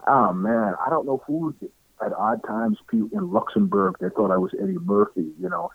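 Pitched on the high side with big swings, a middle-aged man speaks at normal speed in a creaky, slightly rough voice. He's an interview guest telling casual stories, acting out others' words and laughing frequently. The tinny, phone-like recording is dry, with no room sound.

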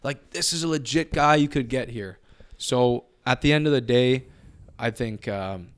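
A man co-hosts a casual sports podcast in a medium-pitched voice at a moderate pace. He's blunt and offhand, and he swears now and then.

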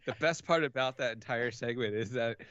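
A man's voice: mid-range voice, fairly quick, a bit bright, muffled recording. A man co-hosting a hockey podcast in casual chat who talks bluntly and swears freely. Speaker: podcast co-host.

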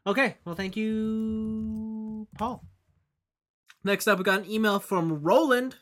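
A man's voice: high-pitched, normal speed, a bit bright, soft background music. A young man hosting a casual podcast, teasing his co-host in a dry way. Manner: teasing, dry, laughs often. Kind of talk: casual chat.

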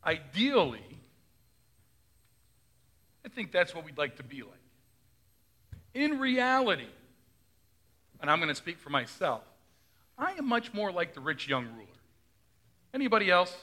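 Bright, high-voiced male pastor preaching. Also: big pitch swings, measured pace, long pauses. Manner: conversational, asks the congregation questions. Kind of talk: sermon.

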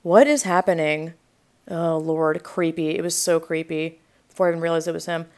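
A young woman podcast host telling a story in a rambling, animated way, full of asides and quoted reactions, with a sore throat. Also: low voice, a little fast, clean tone. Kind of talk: casual storytelling.

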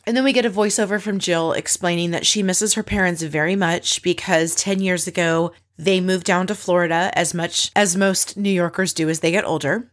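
A woman with a somewhat low-pitched voice talks through a TV episode scene by scene. Her delivery is casual and opinionated, full of quick asides. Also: fairly even intonation. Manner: chatty, opinionated storytelling with asides. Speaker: recap podcast host. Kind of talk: casual recap chat.

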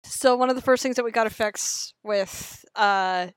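A woman on a fan podcast with a somewhat high voice, talking casually. Her voice is wry, laughs come easily, and she swears offhandedly. The recording is dry and close, with no room sound. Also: moderate pace, clean tone, dry recording.

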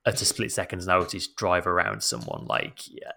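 Male podcast co-host, very low gravelly voice, earnest and exasperated in relaxed conversation. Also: moderate pace. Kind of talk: casual chat.

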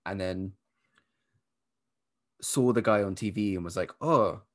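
A man who is a podcast guest, explaining a story in casual chat, low-key and full of fillers. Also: unhurried.

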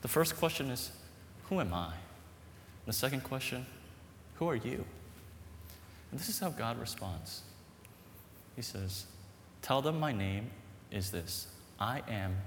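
A man preaching a sermon, animated and emphatic, telling stories with a laugh. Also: on the low side, a little hiss or hum. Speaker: pastor. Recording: echoey hall with long reverb.

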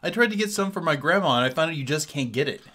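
Guy cohosting a podcast, lively pitch that jumps around, slightly high, laughs a lot. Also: rapid-fire. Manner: playful, laughs easily. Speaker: podcast co-host. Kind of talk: casual podcast chat.

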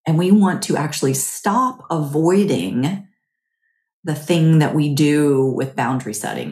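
Woman, low voice, slow unhurried pace, gentle chatty guidance, roomy echo. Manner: gentle, chatty, often asks "right?". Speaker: podcast host. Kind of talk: guided mindfulness talk.

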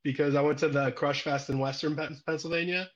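A giggly man with a slightly high voice tells rambling, easygoing stories. His sound is dull and lo-fi. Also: fairly even intonation, a little fast. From Illinois, United States. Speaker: streamer guest. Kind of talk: casual chat. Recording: dull lo-fi audio.

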